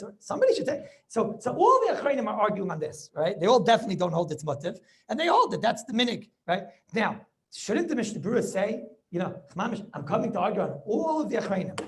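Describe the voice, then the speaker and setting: Animated high-pitched rabbi, gravelly. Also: male voice, quick pace. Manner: animated, argumentative, rhetorical questions, Yiddish-laced yeshiva English. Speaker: rabbi teaching a Talmud class. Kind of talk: lively Torah class lecture over video call. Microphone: video call.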